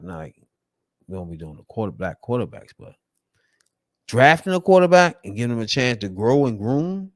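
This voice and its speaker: A man's voice: lowish voice, no echo, studio quality. A middle-aged man from the United States ranting casually as a sports fan vlogger, profane and repetitive, his talk swelling into heated outbursts.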